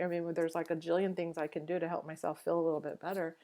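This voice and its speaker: A woman's voice: fairly low pitch, level tone, quick pace, few pauses, mellow. A woman co-hosting a podcast in casual chat, reflective and chatty, acting out her own inner thoughts as she talks. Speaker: podcast co-host.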